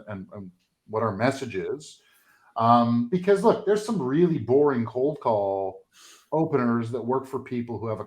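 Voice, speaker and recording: A man who is a comedian and sales coach, chatting as a guest and telling stories with plenty of ums and likes. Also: mid-range voice. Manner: storytelling, filler-heavy, relaxed. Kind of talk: casual conversation.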